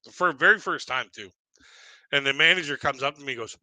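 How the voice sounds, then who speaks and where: This livestream host from Canada talks fast in a mid-range voice that sounds pushed and bright. His storytelling chat is casual and rambling, with lots of restarts and chuckles. The audio is dry and rough.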